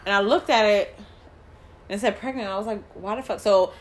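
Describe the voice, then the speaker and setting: A woman co-hosting a podcast, telling a story in casual chat, animated and swearing, acting out quoted lines. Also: medium pitch, a little fast. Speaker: podcast co-host.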